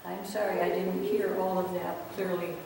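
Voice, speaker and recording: Woman pastor, calm and measured, recorded from a distance in a roomy church with a long reverb. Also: on the low side, creaky. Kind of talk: prayer and church announcements. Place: church sanctuary. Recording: echoey church hall, distant mic, faint noise.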